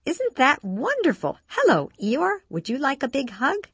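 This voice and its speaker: A woman voicing a gentle, playful woman who speaks in high, sing-song baby talk to a toddler. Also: huge pitch swings, unhurried, no echo, full character voice. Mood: cooing delighted.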